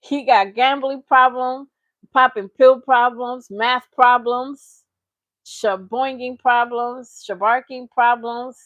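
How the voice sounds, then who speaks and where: Woman, casual commentary host, mocking and playful, rambling, fairly high voice, dry close recording. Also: fairly even intonation, slow, dry recording, phone-quality sound. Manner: mocking, playful, rambling with invented nonsense words. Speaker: reaction channel host.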